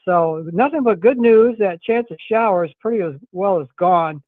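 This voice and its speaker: A man's voice: sits high, lively intonation, moderate pace, dry recording. Upbeat weatherman on a tinny phone line. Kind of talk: radio weather report by phone.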